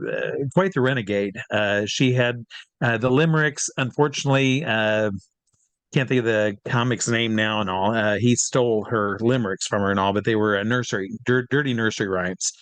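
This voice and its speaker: A man's voice: medium pitch, a bit bright, no room sound. A man in casual interview talk, rambling with lots of fillers and restarts, and acting out the voices of people he quotes. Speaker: guest performer.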